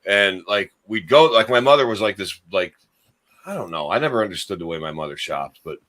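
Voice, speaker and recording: A man's voice: low-pitched, expressive, fairly quick, fairly bright tone. A man from upstate New York co-hosting a podcast, telling a rambling childhood story in casual chat. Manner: rambling, storytelling, lots of fillers. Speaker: podcast co-host.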